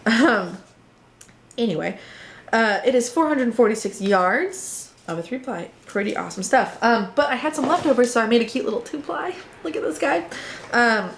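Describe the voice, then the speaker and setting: A woman's voice: mid-range voice, a little hiss or hum. Chatty woman hosting a crafting vlog. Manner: chatty, playful asides and jokes to viewers. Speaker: knitting podcast host. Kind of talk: casual show-and-tell chat.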